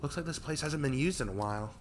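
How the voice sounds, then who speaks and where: A man's voice: a little high, lively intonation, fast talker, slight background noise, pitched above the performer's own voice, natural voice. A man voicing a grumpy, wary female creature who grumbles her blunt remarks. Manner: grumbling, dry.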